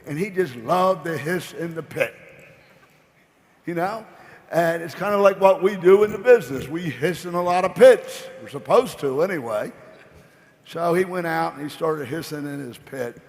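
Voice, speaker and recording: A man's voice: fairly high pitch, animated, moderate pace. Folksy man on a convention stage. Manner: rambling, folksy, playful. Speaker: convention keynote speaker. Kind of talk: motivational storytelling speech. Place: large convention hall stage. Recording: echoey convention hall.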